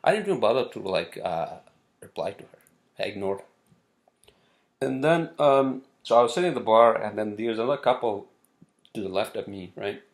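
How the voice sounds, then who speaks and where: A man with a low, gravelly voice vents to the camera in a loose, rambling monologue. He swears freely, trails off into fillers and repeats himself as his exasperation spills out. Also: animated, moderate pace, long pauses. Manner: exasperated, swears often, many fillers and restarts. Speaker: vlogger. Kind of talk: casual ranting monologue. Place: city where he lives.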